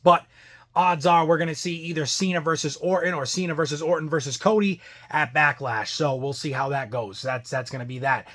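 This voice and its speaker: A man's voice: a little high, a little fast, fairly bright tone. A man hosting a casual wrestling review vlog, rambling and loose, trailing off and restarting his thoughts.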